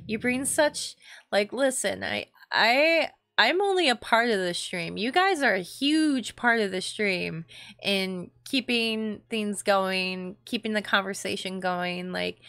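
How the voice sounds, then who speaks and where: A woman's voice: medium pitch, dry recording, studio quality. A young woman streaming a game, chatting in a rambling way with her viewers and filling her talk with fillers and restarts. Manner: chatty, rambling, warm toward chat, many fillers. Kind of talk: casual stream chat with viewers.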